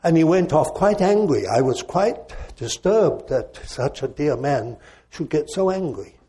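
An older man, a preacher, telling a personal story in a reflective, gently self-mocking way. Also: on the high side, animated, a little slow, slightly rough. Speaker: preacher and former missionary.

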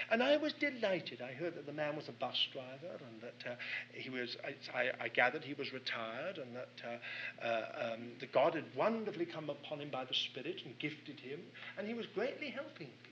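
A man's voice: fairly high pitch, fairly bright tone, dull audio, slight background noise. A man preaching a sermon, telling a personal story in an earnest, anecdotal way.

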